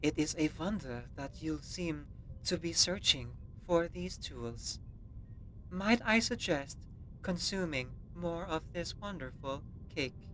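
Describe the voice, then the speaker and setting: A man's voice: a little high, animated, slow, sharp tone, slight background noise, voice pushed up, exaggerated voice. A man doing a friendly German robot android. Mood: polite. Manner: polite, formal, with a German accent put on.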